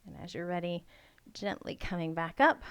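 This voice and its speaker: A woman's voice: lowish voice, animated, moderate pace, clear, resonant tone. A woman leading a home yoga workout, giving encouraging cues and counting reps aloud while exercising and breathing hard. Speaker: yoga instructor. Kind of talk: guided workout instruction. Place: home room.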